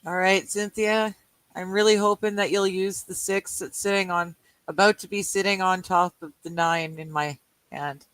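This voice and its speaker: A woman's voice: lowish voice, steady tone, normal speed, fairly bright tone, no echo, low-quality recording. A Canadian woman co-hosting a live game night, reading chat aloud, joking and laughing often while she plays cards. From British Columbia, Canada. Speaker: livestream co-host. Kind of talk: casual chat while playing a card game.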